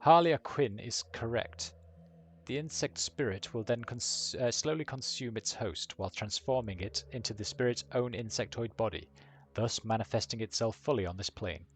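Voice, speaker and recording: A man's voice: medium pitch, normal speed, slightly rough. A man reading a wry, glib painted elf. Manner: breezy, wry lecturing.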